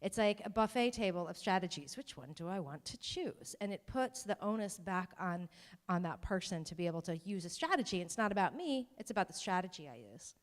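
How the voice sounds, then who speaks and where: A woman's voice: medium pitch, animated, brisk. Woman presenter at a parent workshop, chatty and self-deprecating, voice carried on a long hall echo. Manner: conversational, with ums and self-deprecating asides. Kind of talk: informal talk to parents.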